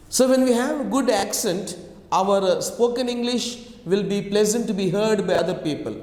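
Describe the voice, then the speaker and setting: High-voiced male teacher in an echoey room. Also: a little mellow. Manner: repetitive, explanatory, frequent okay and right. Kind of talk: online English lecture. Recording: echoey room with long reverb.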